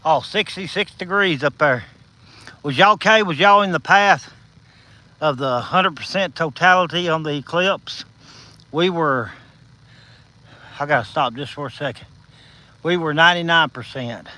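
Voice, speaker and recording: A man's voice: a little high, a little slow, pauses often, pushed and bright, rough recording. A Southern-accented man, a little out of breath and slightly slurring without his top teeth, chatting folksily to his live-stream viewers while walking outdoors at night. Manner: folksy, encouraging, talks to viewers by name. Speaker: livestream host. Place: outdoors at night, insects behind.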